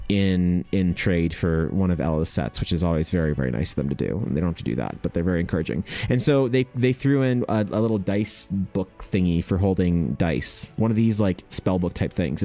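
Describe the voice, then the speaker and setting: Excitable, swearing young man with a lively voice. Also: sits low. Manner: excitable, swears a lot, thinks aloud. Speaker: art streamer. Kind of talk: casual livestream chat.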